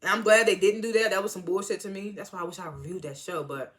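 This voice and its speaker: Bright-voiced woman recapping a reality show. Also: mid-range voice, fast talker. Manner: animated, slangy, swings into loud excited retellings; frequent laughs and filler words. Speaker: TV show reviewer. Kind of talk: casual recap and commentary.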